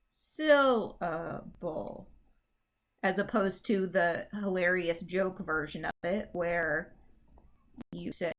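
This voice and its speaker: A woman's voice: medium pitch, fairly bright tone. A woman English teacher giving a casual recorded class lecture, chatty and full of fillers, with dry self-mocking humor, leaning hard on syllables to demonstrate stress. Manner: exaggerates word stress to demonstrate.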